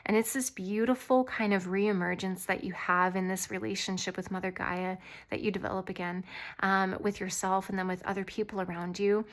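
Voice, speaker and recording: A woman with a light, mid-range voice gives her viewers an intuitive tarot reading. She sounds earnest and reassuring and rambles gently, though her delivery is flat and brisk.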